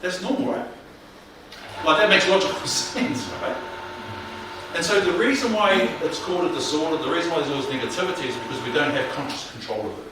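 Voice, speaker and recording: A man leading a mental health workshop, speaking in a colloquial, animated way and often questioning the audience. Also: a little high, fairly quick. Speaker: workshop presenter. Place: room with live audience. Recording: echoey room, distant mic, faint noise.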